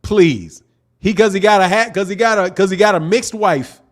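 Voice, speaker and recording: Hosting a boxing talk stream, this man reads viewer chats aloud at normal speed in a high-pitched voice. His livestream commentary is casual, loose and chatty, with lots of repetition and laughter.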